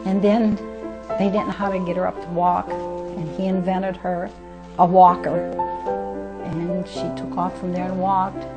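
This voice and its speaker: A woman's voice: fairly low pitch, flat delivery, a little slow, muffled recording. An older woman in a documentary interview, telling her story as a foster mother in a homespun way, acting out the dialogue and using folksy grammar. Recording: music bed under the voice. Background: music under the voice.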